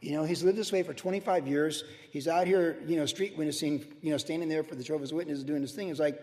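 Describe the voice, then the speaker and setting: Sixty-something pastor guy, high voice, loose storytelling sermon, big reverby hall. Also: fast. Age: 60s. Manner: conversational, storytelling with animated asides and laughs.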